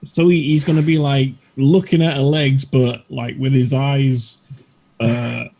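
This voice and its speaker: Male player, dark husky voice, very slow, halting delivery. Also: medium pitch, level tone. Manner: halting, searching for words. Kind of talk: casual table talk.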